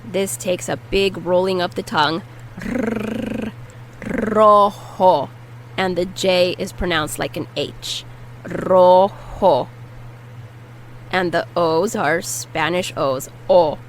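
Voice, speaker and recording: A woman's voice: lowish voice, steady tone, a little slow, few pauses, a little hiss or hum, poor audio. A woman teaching a language lesson, patiently repeating each word and explaining how to pronounce it. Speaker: Spanish teacher. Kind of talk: vocabulary lesson with repetition drills.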